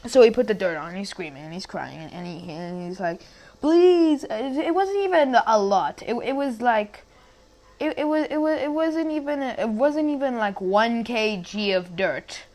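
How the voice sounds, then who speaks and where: Speaking at a normal speed in a darkish, medium-pitched voice with lively intonation, a young woman rambles through a casual story. She keeps tripping on words, starting sentences over and drifting into asides.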